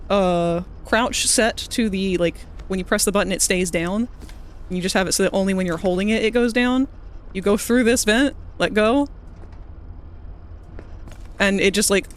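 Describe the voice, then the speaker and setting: Live gaming streamer, casual talk, mid-pitched voice, technical nitpicks about bugs. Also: normal speed, slight background noise. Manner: casual, swears, picks apart game bugs in technical terms. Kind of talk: live game-stream commentary.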